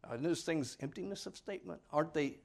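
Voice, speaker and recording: A man preaching a sermon in a folksy, earnest way, swinging from loud stressed words to quiet asides. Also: on the high side, a little fast, creaky. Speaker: father.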